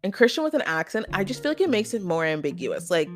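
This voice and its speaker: A young adult woman hosting a casual solo podcast, chatty and opinionated, full of "like" and quick asides. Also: medium pitch, very animated, faint music behind. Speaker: podcast host.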